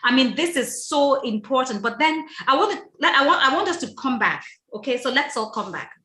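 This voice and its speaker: A woman's voice: high-pitched, animated, normal speed, sharp tone, roomy sound. A woman hosting a casual panel chat, often stumbling and repeating words as she starts her thoughts. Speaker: podcast host.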